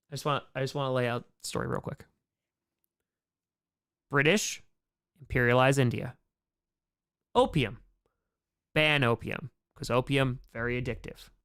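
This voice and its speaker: With a clean, medium-pitched voice, a young man leads a history lesson over a live stream, fielding questions from chat. His style is playful and animated, full of sarcastic remarks and brief imitated dialogue.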